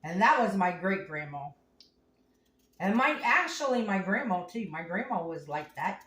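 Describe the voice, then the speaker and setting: A woman's voice: medium pitch, very animated, normal speed, a bit bright. A woman hosting a home cooking show, telling rambling, folksy stories in a casual way as she cooks. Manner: folksy, rambling, homespun phrasing. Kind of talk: casual storytelling while cooking. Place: home kitchen. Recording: echoey room, mic at a distance.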